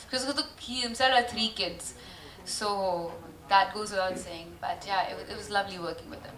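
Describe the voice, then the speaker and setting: A middle-aged woman, an actress at a press meet, telling stories in an animated way with lots of fillers and laughter. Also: medium pitch, normal speed, crowd noise. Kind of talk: chatty press-meet storytelling. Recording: roomy, distant press-meet audio.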